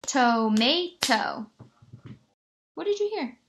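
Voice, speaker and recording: A woman teacher giving a remote lesson to young children, stretching words out slowly and encouraging them. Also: a little high, lively intonation, fairly bright tone, slight background noise. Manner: slow, exaggerated word-stretching, encouraging.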